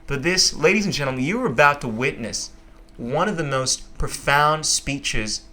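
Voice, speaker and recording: A man hosts a casual podcast conversation with a bright, forceful voice. He speaks with emphatic enthusiasm. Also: a little high, expressive, moderate pace. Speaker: podcast host.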